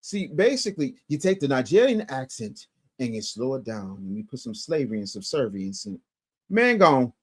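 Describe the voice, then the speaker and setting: A man hosting a commentary show who reacts to clips in an animated, mocking way, with loud bursts and stammered restarts. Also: mid-range voice, moderate pace, husky. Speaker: show host.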